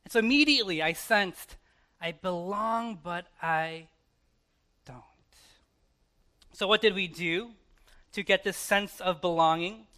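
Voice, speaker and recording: A man in his thirties with an American accent, preaching a sermon in church in a conversational way, with dramatic pauses and soft asides. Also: high-pitched. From United States. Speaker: pastor.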